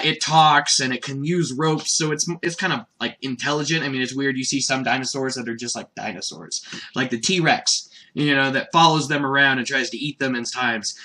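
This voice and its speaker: A man's voice: medium pitch, pushed and bright. A man casually recapping an anime episode in a rambling, chatty way, laughing often. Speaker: anime reviewer.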